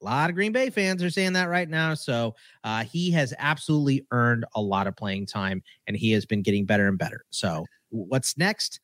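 A man's voice: medium pitch, animated, normal speed, hardly any pauses, a bit bright, no echo, studio quality. A man co-hosting a fantasy football podcast, teasing his partner and delivering punny headlines. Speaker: podcast co-host. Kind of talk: casual sports podcast banter.

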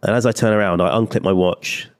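Young man, podcast co-host, lowish voice, loose sweary storyteller. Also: steady tone, fast. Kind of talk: casual chat.

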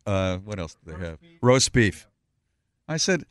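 A man's voice: fairly low pitch, big pitch swings, moderate pace, fairly bright tone, no echo. A man hosting a radio show, telling a story in a casual way and acting out other people's voices. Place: radio studio.

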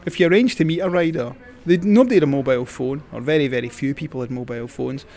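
Speaking quickly in a medium-pitched, darkish voice, this man from Scotland is a cycling journalist sharing stories as a guest. His casual storytelling rambles, packed with fillers and restarts.

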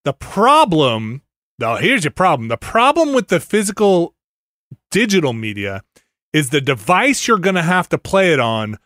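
Podcast host guy, bright kinda high voice, jokey and animated, dry studio mic. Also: normal speed, no echo. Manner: animated, joking, rambling with fillers. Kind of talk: casual podcast chat.

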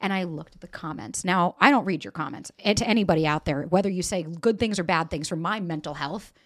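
A woman's voice: on the low side, fairly quick. A woman in her forties hosting a podcast, telling a personal story in candid, emotional chat, swearing freely and acting out quotes. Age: 40s. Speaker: podcast host.

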